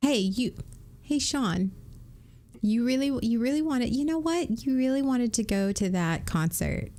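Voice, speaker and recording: A woman on a podcast with a soft, reassuring way of speaking. A playful, teasing edge runs under her calm words. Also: fairly high pitch, a little slow. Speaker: podcast co-host. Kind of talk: casual podcast chat.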